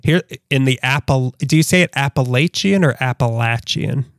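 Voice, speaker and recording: A man co-hosting a laid-back podcast, reading a band bio aloud and constantly drifting into jokes. His voice sits at an ordinary middle pitch. The recording is close and dry, with no room sound. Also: normal speed, clean tone, no room sound. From Los Angeles area. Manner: jokey, reads aloud with asides. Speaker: podcast co-host. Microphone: webcam setup.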